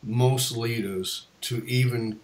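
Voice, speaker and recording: A man hosting a podcast, telling a story with animated retold dialogue and frequent restarts. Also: mid-range voice, slow pace. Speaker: podcast host. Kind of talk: storytelling in conversation.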